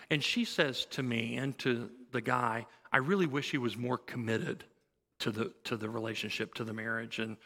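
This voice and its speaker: A man's voice: medium pitch, creaky, pushed and bright, long reverb tail. A man preaching a sermon, telling a counseling story in a conversational way and acting out the dialogue. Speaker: pastor.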